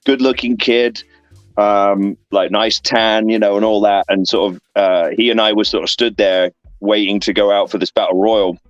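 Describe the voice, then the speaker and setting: A man in his thirties with an English accent spins loose, filler-laden anecdotes in a low voice. The sound is dry, a touch dull and lo-fi, with faint music underneath. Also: normal speed, dry recording. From England. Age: 30s. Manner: rambling, filler-heavy anecdotes with lively voiced asides. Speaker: guest, professional wrestler. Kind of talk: casual storytelling interview. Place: online interview stream.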